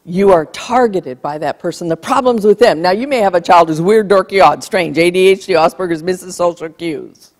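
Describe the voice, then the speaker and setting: A woman's voice: fairly low pitch, moderate pace, few pauses, darkish tone. A woman giving an emphatic keynote talk on bullying to a live audience, acting out what parents and kids say. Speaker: speaker on bullying. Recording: long hall reverb.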